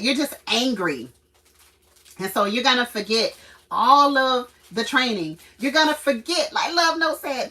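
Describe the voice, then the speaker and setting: A woman's voice: high-pitched, far from the mic, low-quality recording. A woman hosting a casual livestream, telling stories and ranting with frequent laughter and acted-out quotes. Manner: animated, acts out quotes. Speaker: channel host and mother.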